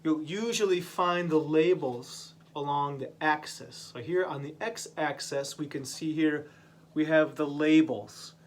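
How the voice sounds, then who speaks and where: A man teaching a vocabulary lesson to English learners, speaking slowly and patiently and repeating each word. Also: a little high.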